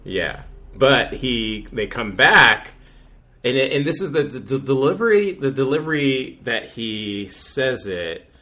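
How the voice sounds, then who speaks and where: A man's voice: medium pitch, very animated, a little slow, pushed and bright. A man co-hosting a podcast, recapping an episode in a rambling, casual way with many fillers and restarts. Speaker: podcast co-host.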